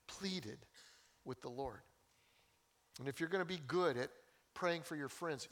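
An older male pastor preaches with folksy humor and passion. His voice sits fairly high for a man. He swings between warm joking and earnest pleading. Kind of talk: sermon.

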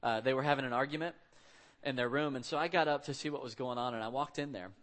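A man in his thirties delivers a sermon with a bright, forceful tone. He talks in a relaxed, conversational way, telling family stories to make his point. His pitch sits in a middle range. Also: fast talker. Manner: conversational storytelling, acts out quotes. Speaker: pastor.

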